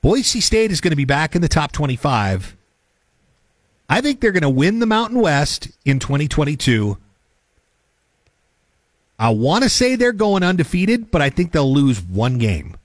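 A man's voice: fairly high pitch, normal speed, long pauses, no room sound, studio quality. A man co-hosting a local talk radio show, chatting casually and running through sports predictions. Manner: upbeat, animated sports talk.

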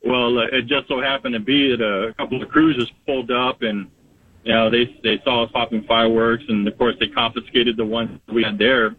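A man's voice: medium pitch, level tone, brisk, a little hiss or hum. A man calling in to a radio show, telling a story in a rambling way with lots of "uh" and "you know". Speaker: radio caller. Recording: tinny phone line.

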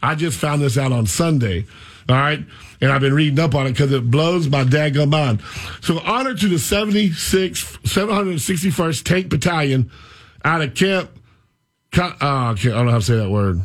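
A man hosting a radio talk show, rambling and animated as he tells stories. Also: fairly high pitch, moderate pace. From Florida. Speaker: radio host.

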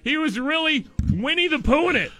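A man's voice: very high voice, animated, a little fast, bright, forceful tone, dry recording, faint music behind. A man hosting a radio show from a studio, reading odd news stories in a jokey way and repeating the punchlines.

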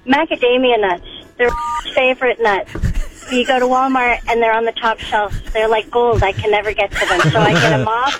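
A woman's voice: fairly high pitch, steady tone, moderate pace, rough recording. A woman calling in to a radio show, talking in a bubbly, giggly way. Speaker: caller. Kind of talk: phone-in call.

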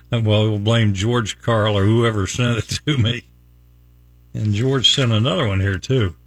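Man, radio morning show host, jokey wordplay, slow unhurried talk, dry close studio mic. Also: lowish voice, steady tone, no room sound. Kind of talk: casual on-air banter and joke reading.

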